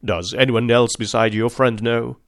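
A man's voice: mid-range voice, fairly even intonation, normal speed, no room sound, studio quality, lightly acted. Man voicing a stern, stately old nobleman. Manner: stately, impatient. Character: stern, proud aged male nobleman.

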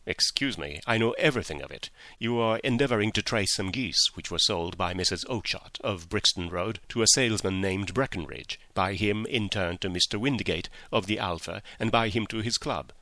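A man's voice: low voice, fairly quick, hardly any pauses, sharp tone, no room sound. A man voicing a confident, coolly bland detective in a story reading. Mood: assured. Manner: bland, assured.

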